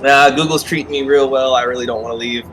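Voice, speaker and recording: An American man chatting casually as a guest on a game stream, relaxed and easygoing with trailing fillers. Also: medium pitch, fast, slight background noise, poor audio. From United States. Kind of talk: casual chat.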